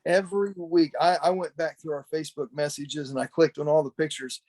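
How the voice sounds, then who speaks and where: A man's voice: a little high, fairly even intonation, fairly quick, a little mellow. A man who used to wrestle, reminiscing in a rambling, talkative way, full of restarts and "you know," speaking over a video call. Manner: chatty, talkative storyteller. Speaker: former pro wrestler, podcast guest. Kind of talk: casual memorial reminiscing. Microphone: video call camera.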